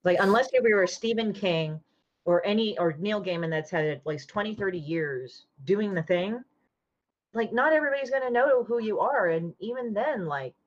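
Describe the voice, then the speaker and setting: A woman comic artist in casual podcast chat, talking bluntly and swearing freely as she retells a falling-out with lively energy. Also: mid-range voice, moderate pace. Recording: dull lo-fi audio.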